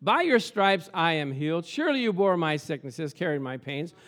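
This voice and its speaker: A male pastor preaching a sermon, animated and storytelling, at times shouting. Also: fairly high pitch, moderate pace, hardly any pauses.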